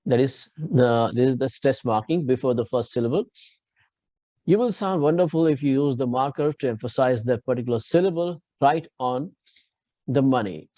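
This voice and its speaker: A man's voice: medium pitch, normal speed, dark tone, no room sound. A man with an Indian English accent, giving a classroom lecture on English pronunciation, explaining patiently and asking students to repeat after him.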